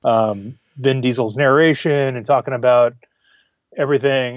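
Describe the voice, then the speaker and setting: A man's voice: mid-range voice, moderate pace, dry recording, dull audio. Man co-hosting a casual movie chat. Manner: animated, emotional, restarts words. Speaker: podcast co-host.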